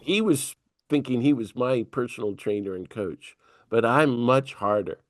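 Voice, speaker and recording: This priest, a guest on an interview, is an animated storyteller who performs the dialogue as he goes. His voice is medium-pitched and measured in pace, captured in a dry recording.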